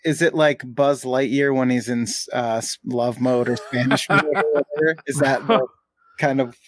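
A man co-hosting a podcast, chiming in with playful quick remarks. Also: mid-range voice, steady tone, no echo. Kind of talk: casual chat.

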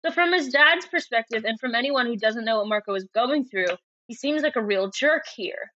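Bright-voiced woman on a muffled line. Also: on the high side, normal speed. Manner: chatty, laughing, reads passages aloud. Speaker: podcast co-host. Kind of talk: casual book-club chat. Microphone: remote call microphone. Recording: muffled lo-fi remote line, dry.

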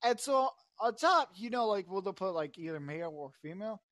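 A man hosting a casual sports podcast, telling stories in an animated way and laughing often. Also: high voice, brisk, no room sound. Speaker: podcast host. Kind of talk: casual chat.

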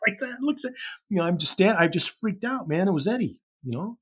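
A man from Chicago, a rock musician guest, telling an animated story full of casual swearing and restarts. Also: on the high side, brisk, husky. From Chicago, USA. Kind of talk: anecdotal storytelling.

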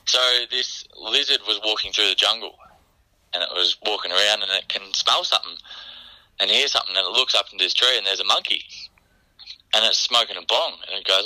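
A man with an Australian accent telling a joke in a relaxed, casual chat. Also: on the low side, a little fast, rough recording. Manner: laid-back, storytelling. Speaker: guest joke teller.

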